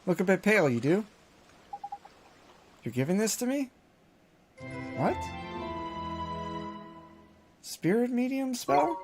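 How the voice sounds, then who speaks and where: A man's voice: high-pitched, very animated, unhurried, pauses often, over music. Man doing Drippy, a folksy little fairy. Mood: curious. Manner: chatty, folksy turns of phrase. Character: cheeky little male fairy sidekick.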